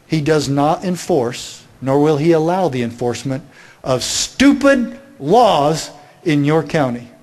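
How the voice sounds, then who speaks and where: A man delivers a political speech with an emphatic, questioning style, turning points toward his audience with rhetorical questions. His voice sits somewhat higher than most men's. He often moves into storytelling to drive an argument home. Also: animated, a little slow, a little mellow. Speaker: speaker.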